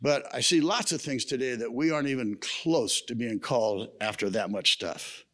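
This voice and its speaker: A man's voice: medium pitch, moderate pace, a bit bright. A man preaching a sermon at a men's camp, telling stories in a folksy way with humorous asides. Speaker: camp speaker.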